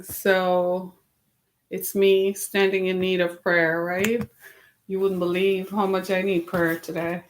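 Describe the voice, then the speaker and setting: A woman's voice: lowish voice, level tone, slow pace, reverberant, a little hiss or hum. A woman hosting her web series, talking casually to camera, tired and a little wheezy from lack of sleep, with a chatty, exasperated, rambling manner.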